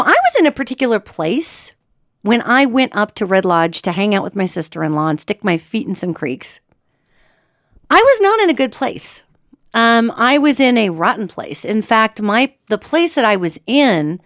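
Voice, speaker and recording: Animated woman telling a story. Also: on the high side, no echo, studio quality. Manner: animated, chatty, with restarts and digressions. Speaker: radio show host. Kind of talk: casual storytelling monologue.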